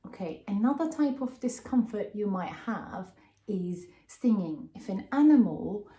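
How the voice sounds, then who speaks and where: Slow, mellow woman teaching vocabulary. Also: mid-range voice, lively intonation. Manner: patient, explains slowly and checks in with "okay?". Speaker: English teacher. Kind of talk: vocabulary lesson. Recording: roomy echo.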